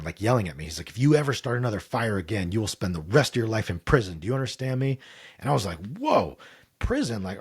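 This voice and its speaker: A man's voice: on the low side, husky. A middle-aged man, a podcast guest, candidly telling a personal story in an interview and acting out the voices he quotes.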